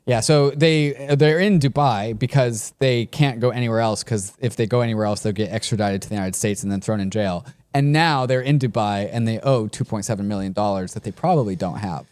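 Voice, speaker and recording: A man's voice: on the low side, brisk, few pauses, a little mellow, clear, resonant tone. Chatty man co-hosting a podcast. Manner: chatty, lots of "like" fillers. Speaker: podcast co-host. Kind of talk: casual chat.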